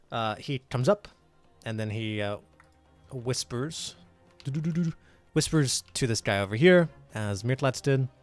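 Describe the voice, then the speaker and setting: A man's voice: mid-range voice, a little mellow. A man narrating a tabletop game as game master, in a casual way with many fillers. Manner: casual, filler-heavy, laughing.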